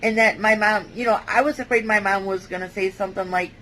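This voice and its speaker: Woman, personal testimony to camera, mid-pitched, hesitant delivery with fillers and restarts. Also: steady tone, quick pace, sharp tone, a little hiss or hum, rough recording. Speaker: vlogger.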